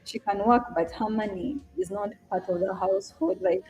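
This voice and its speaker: A young woman with an East African accent talks casually on a live stream, greeting viewers by name and answering their comments as they come in. Her voice is warm and mellow, with soft music playing faintly behind her. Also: mid-range voice, sing-song, moderate pace, gravelly. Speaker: live-stream trader and host.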